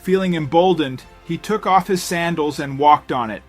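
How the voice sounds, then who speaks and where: Male narrator, slightly higher pitch, dramatic scripted storytelling, soft music bed. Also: moderate pace.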